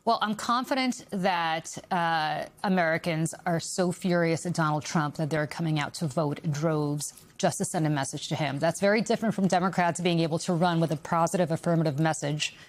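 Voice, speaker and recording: A woman political strategist speaking as a guest on a cable news interview, emphatic and given to repeating phrases for stress. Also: low-pitched.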